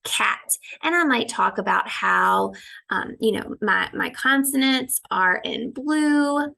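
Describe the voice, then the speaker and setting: A woman teacher records a walkthrough of her lesson. Her voice is bright with a touch of fry. She drops into a sing-song classroom tone and sounds out each letter slowly. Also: a little high, lively intonation.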